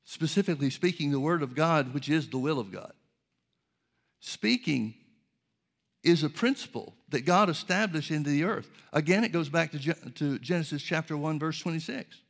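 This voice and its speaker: A man preaching a sermon in a measured way, reading scripture aloud and explaining it. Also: on the high side, vocal fry.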